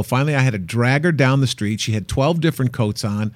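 A man from Chicago hosting a casual radio chat, joking and bantering with quick lively delivery. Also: mid-range voice, no room sound. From Chicago, USA. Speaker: host.

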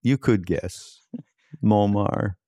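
A man hosting a podcast, chatting in a relaxed, rambling way. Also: fairly low pitch, extremely slow, dry recording, clean studio sound. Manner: relaxed, rambling, frequent backchannels. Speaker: podcast host. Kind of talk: casual podcast chat.

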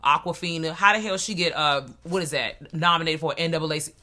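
A woman's voice: sits low, quick pace, sharp tone. A woman co-hosting a casual talk show, making blunt, profane, joking comments. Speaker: podcast co-host. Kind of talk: casual chat.

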